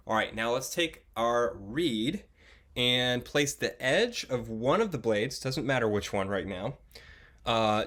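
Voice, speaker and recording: A young man teaching a beginner oboe lesson, patient and encouraging, often pausing with fillers and restarting his sentences. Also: mid-range voice, a bit bright. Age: young adult. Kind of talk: instructional video lesson.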